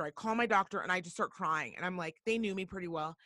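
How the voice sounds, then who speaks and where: A woman's voice: on the low side, quick pace, no echo, clean studio sound. Blunt, profane woman telling a story. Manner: profane, blunt, animated retelling. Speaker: podcast host. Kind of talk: casual storytelling.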